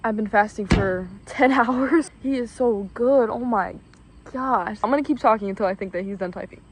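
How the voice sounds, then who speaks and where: A young woman talking in a casual vlog, excitable and gushing, with lots of "like" and "literally". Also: fairly high pitch, normal speed, slightly rough. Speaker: vlogger.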